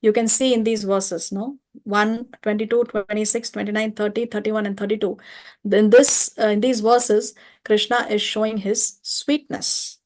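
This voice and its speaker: A woman leading an online scripture study class, explaining step by step and often pausing to check with listeners. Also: medium pitch, little pitch movement. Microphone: video call or home mic.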